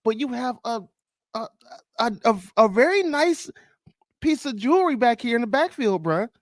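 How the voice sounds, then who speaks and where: Animated, lively man on a sports podcast. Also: very high-pitched, normal speed, no echo, clean studio sound. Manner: animated, exclaiming, many restarts and laughs. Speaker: podcast host. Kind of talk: casual sports chat.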